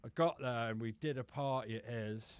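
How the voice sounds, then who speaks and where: A man's voice: mid-range voice, moderate pace, clear, resonant tone. A man telling rambling, sweary personal stories as a podcast guest. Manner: rambling, sweary, says "mate" constantly. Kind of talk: casual storytelling.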